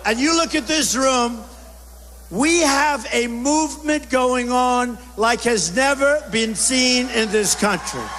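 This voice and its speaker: A man delivers a bombastic campaign rally speech, hammering short repetitive phrases. His voice sits high for a man and rings through a large hall with a long reverb tail, with a faint crowd murmur underneath. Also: slow, sharp tone, slight background noise. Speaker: political speaker at a rally. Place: large indoor rally venue.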